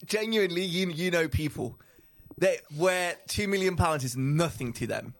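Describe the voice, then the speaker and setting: An excitable man co-hosting a podcast, with a fairly high voice. His pitch swings widely as he talks. He gets carried away and trips over his words in the rush. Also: normal speed. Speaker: podcast co-host. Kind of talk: casual chat.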